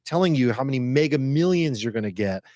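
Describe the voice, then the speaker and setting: A man hosting a casual podcast chat, relaxed and joking as he leads the questions. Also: medium pitch, fast talker, dry recording, studio quality. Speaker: podcast host.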